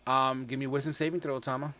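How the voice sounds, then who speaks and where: A man runs a tabletop game with a bright, forward voice, narrating rolls and attacks loosely. He jokes, swears casually and stumbles over his words now and then. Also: mid-range voice, little pitch movement, racing, faint music behind. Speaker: game master.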